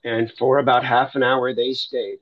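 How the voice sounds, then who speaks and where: A middle-aged Christian livestreamer and foster parent shares his personal faith testimony in a mid-range, flat voice at normal speed. He rambles loosely through the story, often restarting sentences. The recording is dry, with the highs cut off.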